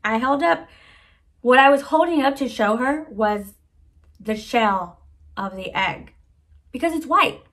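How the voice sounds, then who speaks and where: A woman's voice: high-pitched, lively intonation, measured pace, long pauses, a bit bright. A woman vlogger telling a personal story in a slangy, laid-back, self-mocking way. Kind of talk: casual storytelling.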